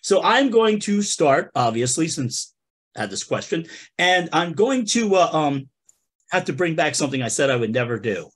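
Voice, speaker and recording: His fairly high, slightly bright voice takes big pitch swings at normal speed. The man hosts a comedy podcast, playfully recounting a funny story and addressing listeners directly as folks.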